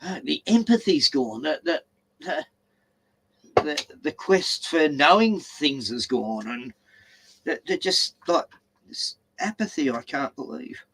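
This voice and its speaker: A man's voice: a little high, expressive, takes it slowly, vocal fry, fairly bright tone, husky. A man with an Australian accent chatting casually, rambling and stammering as he tells stories and swears. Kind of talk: casual chat.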